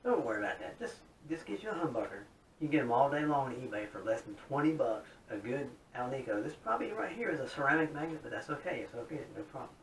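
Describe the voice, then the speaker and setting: A man's voice: expressive, fast talker. Chatty man in a roomy, distant recording. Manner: folksy, chatty, upbeat. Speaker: guitar hobbyist showing his modded guitar. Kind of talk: casual demo talk to camera. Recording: roomy, distant mic with faint rumble.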